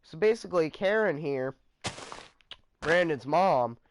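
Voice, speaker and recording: A man's voice: on the high side, animated, a little slow, a little hiss or hum. A man casually telling a story about his friends in a rambling vlog, trailing off with fillers.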